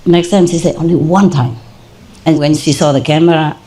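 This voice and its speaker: An older woman, a native Vietnamese speaker with a Vietnamese accent, tells a personal story during an informal spiritual talk, laughing often. She is a spiritual teacher, and her dark, low voice moves fairly quickly with fairly even intonation. There is slight background noise.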